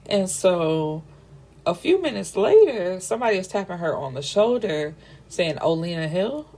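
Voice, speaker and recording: A young woman talks through a book in a casual, chatty review, full of slang and side notes. Her voice sits on the lower side for a woman. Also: very animated, moderate pace, mellow. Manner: chatty, giggly asides, slangy.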